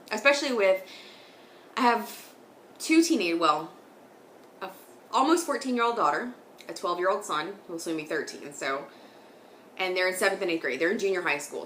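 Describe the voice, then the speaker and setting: A woman's voice: medium pitch, sharp tone, reverberant, a little hiss or hum. A woman in her thirties hosting a knitting podcast, chatting casually and rambling, laughing often. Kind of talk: casual chat. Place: home sitting room.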